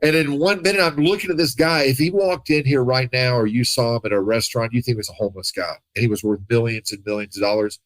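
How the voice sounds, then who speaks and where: A man with a mid-range voice tells his own story as a podcast guest. He is animated, drops into voices for the people he quotes, and laughs easily. The room sound is dry and close. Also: mid-range voice, quick pace, few pauses, no echo, rough recording. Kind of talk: casual storytelling.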